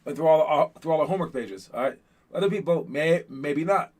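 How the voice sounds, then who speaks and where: A man with a fairly high voice coaches a group of young basketball players. He talks casually and with energy, rambling and repeating himself as he thinks aloud, and keeps checking in with "all right?". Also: a little fast.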